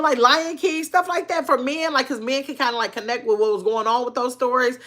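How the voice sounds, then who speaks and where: Chatty older woman with a higher voice. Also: fairly even intonation, a little fast, fairly bright tone. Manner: chatty, loose, greets and answers viewers' comments. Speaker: livestream host. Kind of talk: casual livestream chat.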